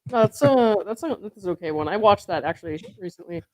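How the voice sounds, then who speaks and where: A woman's voice: medium pitch, animated, fast talker, warm tone, no room sound. A woman hosting, talking in a chatty, rambling way and laughing often during a casual chat. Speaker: host.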